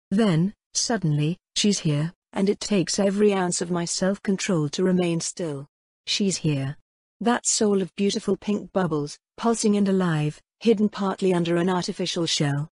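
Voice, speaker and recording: A woman narrating a first-person fantasy audiobook with a husky, breathy edge to her voice. Her delivery is steady and wry, recorded close and dry with no room echo. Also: lowish voice.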